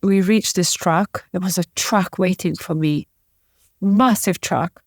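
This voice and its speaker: A woman's voice: on the low side, slow, no echo. Woman telling a painful story, dry sound. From former Yugoslavia. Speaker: podcast guest. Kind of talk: personal storytelling in an interview.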